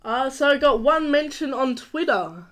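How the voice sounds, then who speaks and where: A young man hosting a casual live stream chat, talking in a rambling, halting way with frequent restarts. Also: very high-pitched, animated, fairly bright tone, slight background noise.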